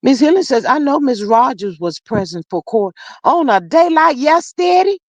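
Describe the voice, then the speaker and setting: A livestream host casually reads viewer chat aloud and answers with playful, slangy asides and drawn-out hums. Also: sits high, big pitch swings, no room sound, lo-fi sound. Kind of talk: casual commentary.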